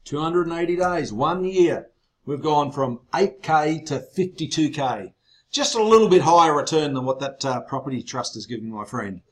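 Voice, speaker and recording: Excitable man hosting a webinar. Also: on the high side, normal speed. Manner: excitable, gets loud, teasing banter. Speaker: webinar host. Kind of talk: online sales webinar presentation.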